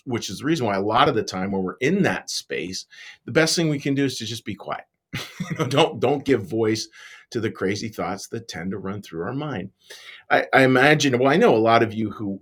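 A man giving a relaxed, conversational devotional talk, earnest and often repeating his words as he goes. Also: mid-range voice. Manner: earnest, repeats words, self-deprecating asides.

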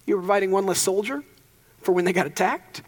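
A man's voice: sits high, quick pace, in a large hall. A young man preaching a sermon as pastor, casual and conversational, with joking asides.

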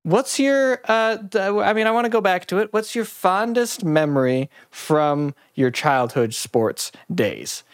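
A man's voice: high-pitched, expressive, unhurried, hardly any pauses, no room sound, studio quality. A man hosting a podcast in casual chat, rambling and self-mocking, often stumbling and restarting his sentences. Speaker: podcast host.

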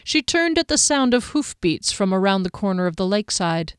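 A woman narrating a fantasy audiobook in a measured, even storytelling manner, recorded on a close microphone. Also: medium pitch, clear, resonant tone, no room sound.

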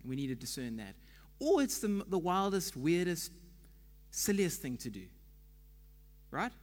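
A man's voice: a little high, big-room sound. A man giving a conversational sermon as pastor, chatty and quizzing the congregation.

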